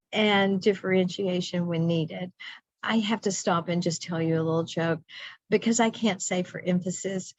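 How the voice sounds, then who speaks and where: A woman's voice: medium pitch, no room sound. A middle-aged woman presenting a teacher workshop, chatty and upbeat with playful asides. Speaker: teacher trainer. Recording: dry dull lo-fi recording.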